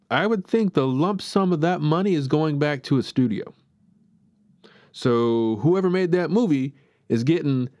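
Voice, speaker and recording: A man's voice: on the high side, a little mellow, no echo, studio quality. A man hosting a podcast, giving a chatty, rambling film review and openly airing his opinions. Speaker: podcast host. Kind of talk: casual film review monologue.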